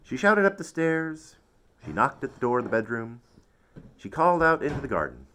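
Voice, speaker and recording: A man reading a children's story aloud, expressive and playful. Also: mid-range voice, normal speed, a little hiss or hum. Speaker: storybook narrator.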